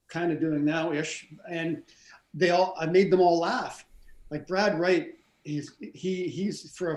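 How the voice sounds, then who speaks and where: Rambling, high-voiced middle-aged man telling stories. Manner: rambling, animated, many restarts and stammers. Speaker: stunt coordinator and actor, interview guest. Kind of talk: casual storytelling interview. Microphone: video call. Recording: roomy echo.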